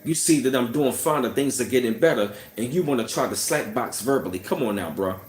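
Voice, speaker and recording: A man vents about a past run-in in a loose, fired-up storytelling rant, scornful and quick to lean on "you know what I mean". His voice sits at an ordinary middle pitch. It bounces around a roomy, echoey space. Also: expressive. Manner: heated, scornful, peppered with "you know what I'm saying". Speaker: channel host. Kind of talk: casual ranting storytelling. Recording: roomy echo.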